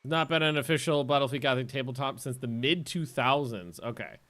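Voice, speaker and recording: A man streaming a game and chatting casually, rambling, swearing and getting excitable. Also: mid-range voice, brisk. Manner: rambling, profane and excitable, often laughing. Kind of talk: casual chat while livestreaming a game.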